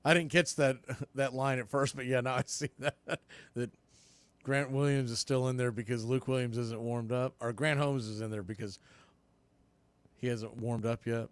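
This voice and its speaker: A man's voice: medium pitch, fairly even intonation, normal speed, clean tone, dry recording. Man calling baseball play-by-play, dry sound. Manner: chatty, repeats words when explaining. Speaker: play-by-play announcer. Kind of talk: casual live play-by-play commentary.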